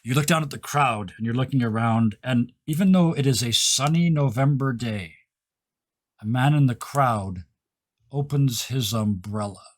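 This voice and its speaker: A man runs a tabletop role-playing game, setting the scene for the players with enthusiasm. He throws in quick asides as he narrates. His voice sits at a middle pitch. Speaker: game master.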